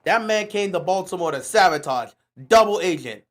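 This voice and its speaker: Guy on a livestream yelling play by play at the game, high voice bouncing all over, slangy and fed up. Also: animated, moderate pace. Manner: exasperated ranting play-by-play, slangy. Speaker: livestream host. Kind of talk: live game watch-along commentary.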